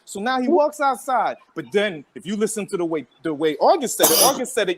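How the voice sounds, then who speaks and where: High-voiced man telling a story. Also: a little fast, slight background noise. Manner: animated storyteller, acts out what others said; slangy, loose street talk. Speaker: podcast host. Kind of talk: casual podcast chat.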